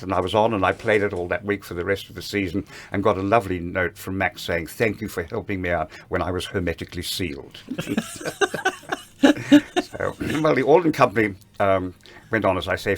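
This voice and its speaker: An older man with a very low voice tells stories from a long stage career. He chuckles often as he goes and briefly acts out the lines of people he quotes. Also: fairly bright tone. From Australia. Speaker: guest, veteran stage performer. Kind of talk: anecdotal interview reminiscence.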